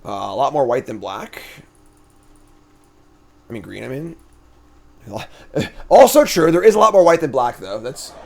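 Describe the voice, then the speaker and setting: Streaming a card game, a man talks through each decision aloud in casual commentary. His medium-pitched voice is gravelly and unhurried, pausing often, yet it swings up and down with lots of energy as he chats loosely.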